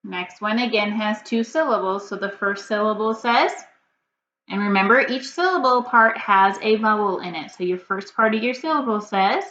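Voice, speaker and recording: Woman teacher doing phonics with kids, slow and patient, bright voice, kinda echoey and muffled, faint hiss. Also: medium pitch. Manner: slow, patient, sound-by-sound prompting. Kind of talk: reading lesson for young children. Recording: dull, slightly noisy, roomy sound.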